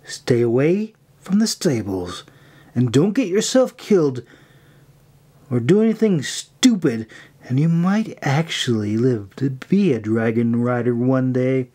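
Guy doing a cold bossy dragon-keeper lady, snappy and high, storybook reading. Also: animated, normal speed, a little mellow. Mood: stern. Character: stern, sharp-tongued woman dragon keeper.

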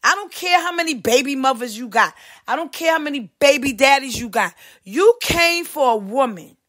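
A woman hosting a podcast, delivering a heated, profane ranting monologue with big swings in pitch. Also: expressive, normal speed, a bit bright. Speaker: podcast host.

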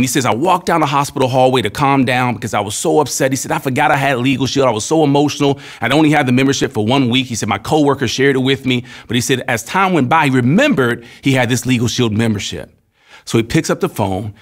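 A man in his thirties tells personal anecdotes in an earnest, steady manner. His voice sits at an ordinary middle pitch. He speaks as a spokesman in a promotional testimonial. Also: fast talker. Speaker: company spokesman.

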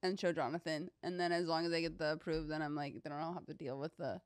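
A woman co-hosting a podcast in casual chat, upbeat and quick to laugh. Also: deep voice, flat delivery, clear, resonant tone, no echo, clean studio sound. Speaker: podcast co-host.

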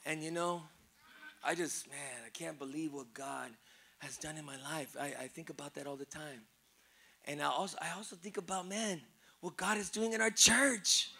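A man preaching an impassioned sermon to a church congregation. He swings from hushed lines to shouting, repeating himself with emotion. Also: fairly high pitch, fairly even intonation, normal speed, gravelly. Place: church service before a congregation.

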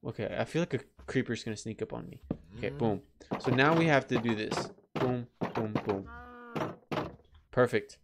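Guy doing chill game commentary, rambles then squeaks when stuff jumps out, bit of hiss behind. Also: measured pace, long pauses. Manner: chatty, excitable, breaks into high-pitched yelps. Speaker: gameplay let's player. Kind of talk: casual gameplay commentary.

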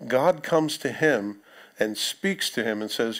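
A pastor, preaching a sermon in a conversational way, with joking asides to the congregation. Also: male voice, mid-range voice, animated, takes it slowly. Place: church sanctuary.

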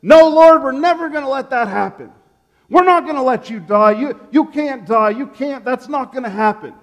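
A man's voice: high-pitched, very animated, normal speed, dull audio. A man preaching, acting out an impulsive male disciple who blurts things out emphatically, in an echoey church hall. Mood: protesting.

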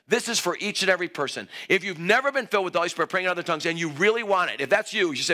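A man preaching an energetic altar call in a church, excitable and playful, exclaiming and joking with the crowd. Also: high voice, very fast, few pauses. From Greek heritage. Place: church sanctuary.

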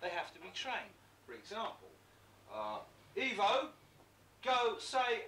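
A man's voice: high-pitched, huge pitch swings, takes it slowly, bright, forceful tone, a little hiss or hum. A man, a record producer, bantering for the camera in a recording studio in a crude, mocking, profane way. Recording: music playing in the background.

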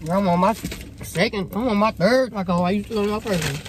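A woman's voice: mid-range voice, a little fast, noisy background. A woman in casual chat inside a car, playful and teasing. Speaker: vlogger. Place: in a parked car.

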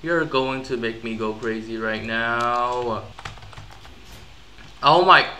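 A man giving live gameplay commentary, excitable and easily frustrated, with sudden yelps and outbursts. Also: mid-range voice, slow, slight background noise. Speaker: gaming YouTuber.

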